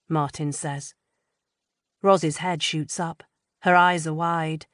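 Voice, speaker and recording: A woman reading a first-person psychological thriller audiobook in a measured, tense way. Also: low-pitched, fairly even intonation, no room sound, studio quality. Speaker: audiobook narrator.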